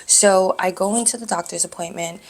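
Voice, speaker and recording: A woman vlogger telling a personal story candidly, in an animated way. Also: medium pitch, fairly quick, vocal fry, slightly rough. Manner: candid, animated, acts out dialogue.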